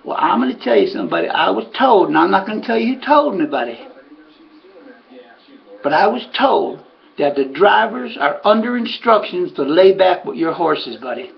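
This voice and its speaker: A man's voice: high-pitched, sing-song, moderate pace, creaky, highs cut off, heavily acted. A man imitating his horse owner, an older Southern man who drawls and keeps calling him buddy. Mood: urgent. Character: Ray, older male horse owner, folksy and confiding.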